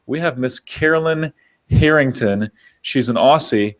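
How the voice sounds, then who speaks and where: A man's voice: medium pitch, measured pace. A man hosting a business interview show, enthusiastic and chatty, often restarting his words. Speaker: podcast host. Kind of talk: upbeat show host chat.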